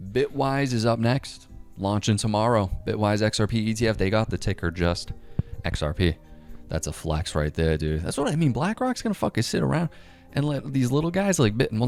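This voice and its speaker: Excitable, profane male commentator, deep-voiced, faint music underneath. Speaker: crypto commentator. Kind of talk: casual monologue.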